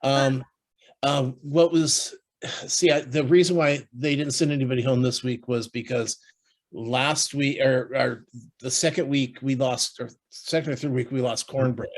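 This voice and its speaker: A man in easy podcast chatter who trips over his own words, restarting sentences and filling gaps with "uh" and "you know." His voice sits at an ordinary middle pitch, and he sounds like he is thinking out loud with a friend. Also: steady tone. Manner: halting, many restarts and fillers. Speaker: podcast co-host. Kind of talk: casual chat.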